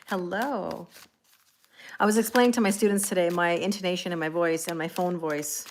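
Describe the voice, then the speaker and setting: A woman's voice: lowish voice, steady tone, normal speed, a little hiss or hum. Chatty woman hosting a live tarot stream. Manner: chatty, rambling, thanks viewers by name; frequent fillers and self-corrections. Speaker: tarot reader.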